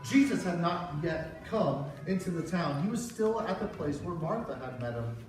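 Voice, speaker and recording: A man's voice: a little high, moderate pace, music in the background. A man telling a Bible story to children as a children's pastor, acting out each character's lines. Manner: animated, acts out the voices in the story. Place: church hall. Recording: echoey hall, far from the mic, with background noise.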